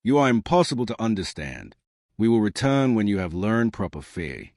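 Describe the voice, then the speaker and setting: Man voicing cold alien commander, curt, commanding, low, dry close sound. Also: big pitch swings, moderate pace, darkish tone, no echo.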